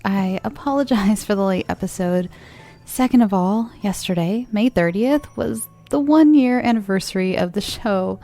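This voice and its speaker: A woman hosts a horror podcast, tired and rambling as she thanks her listeners. Her voice is gravelly, dark and mellow, with faint music behind her. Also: mid-range voice. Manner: rambling, chatty, openly grateful. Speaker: podcast host. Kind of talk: casual podcast intro.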